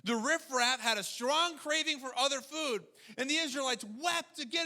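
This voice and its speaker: A man preaching a sermon as pastor, animated, slipping into mocking quoted voices. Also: very high voice, moderate pace, hardly any pauses.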